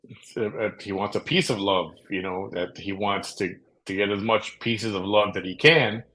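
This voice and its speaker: A man hosting a late-night talk show, chatting casually in a rambling way with many fillers and pauses. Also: fairly low pitch, steady tone, pushed and bright, rough recording. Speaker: podcast host.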